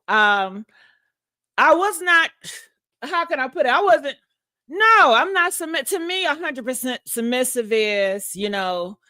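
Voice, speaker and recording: A woman's voice: on the high side, sharp tone, no echo, studio quality. A woman host in casual live-stream chat, sassy and laughing often, drawing out her words.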